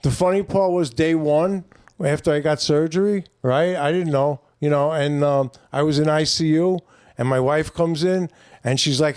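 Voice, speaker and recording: A middle-aged man with a New York accent, a comedian guest telling a long story in a rambling, animated way with lots of fillers. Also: fairly high pitch, moderate pace, clean tone, dry recording, clean studio sound. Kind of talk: casual storytelling.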